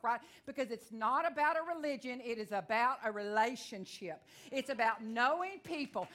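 A woman's voice: a little high, fairly bright tone. A woman with a Texan accent preaching a sermon in a church, fervent and folksy, telling stories and calling out amen. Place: church service before a congregation.

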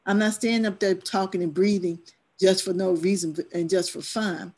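A woman's voice: mid-range voice, fairly even intonation, moderate pace, a little mellow. Woman, church stewardship leader, emphatic, earnest, discussion class.

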